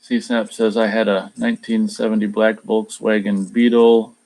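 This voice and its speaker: A man with a somewhat low voice hosts a casual talk show and reads out comments from his audience. He rambles as he answers and often stumbles over his first words before settling in. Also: flat delivery, moderate pace, darkish tone. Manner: rambling, repeats words when starting sentences; tries a mock Australian accent in a few short bits. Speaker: radio show host reading live chat. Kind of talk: casual chat.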